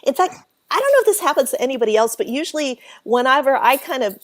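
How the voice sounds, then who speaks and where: Woman guest, lively storyteller who acts out the voices of the people in her story, pitched a little high. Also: quick pace. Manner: animated, acts out quoted voices, laughs often. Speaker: author and paranormal researcher, guest. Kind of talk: casual storytelling interview.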